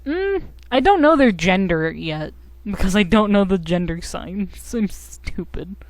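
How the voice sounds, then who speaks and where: A woman's voice: medium pitch, lively intonation, measured pace, dry recording. A young woman streaming a game, chatting casually in a giggly, self-mocking, rambling way. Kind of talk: casual live-stream chat.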